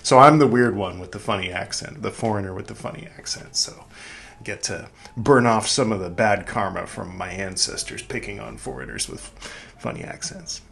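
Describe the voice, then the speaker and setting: A man's voice: on the low side, moderate pace, vocal fry, a bit bright, slight background noise. A young man hosting a podcast, chatting casually and rambling, mocking himself with lots of fillers and restarts. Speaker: podcast host. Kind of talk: casual chat to camera.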